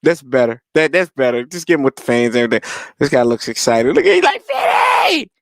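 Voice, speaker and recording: A young man hosting a live watch-party stream, chatting casually with his viewers and laughing loudly. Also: medium pitch, fast, no room sound, studio quality. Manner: animated, laughs loudly, talks to chat.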